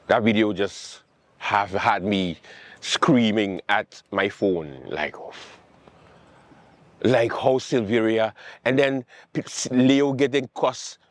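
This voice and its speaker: A man's voice: on the low side, slow, dry recording. Guy doing a sarcastic political rant, mocks people, dry close sound. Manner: animated, sarcastic, mocking quotes and repetition. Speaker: late-night show host. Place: outdoors with planes overhead.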